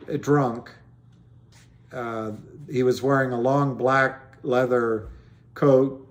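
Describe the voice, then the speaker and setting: Middle-aged man, slow unhurried delivery, rambling talk, live-stream host. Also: mid-range voice. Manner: rambling, storytelling, many restarts. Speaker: livestream host answering callers.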